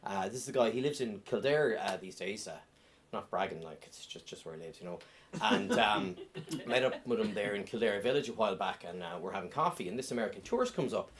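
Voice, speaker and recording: A middle-aged man doing a deadpan stand-up comedy set on a club stage, with many ums and uhs. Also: lowish voice, fast.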